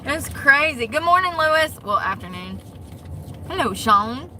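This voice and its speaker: Woman, high voice, bright and sharp tone, casual live-stream chat, laughs a lot, parked truck, phone mic, faint outside noise. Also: sing-song, unhurried. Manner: chatty, laughs often, greets viewers by name. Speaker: vlogger live-streaming to viewers.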